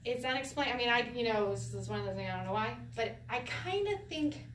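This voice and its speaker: A Hebrew teacher with a fairly high voice runs a relaxed, casual class at a quick pace, joking, laughing often, and going sing-song when demonstrating. She's far back from the mic in a roomy, echoing space, with a faint hiss of room noise beneath.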